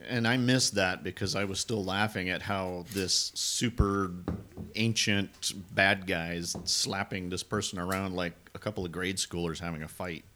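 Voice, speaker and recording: A man's voice: deep voice, steady tone, moderate pace, pushed and bright, a little hiss or hum. A man in a casual movie review chat, dry and joking.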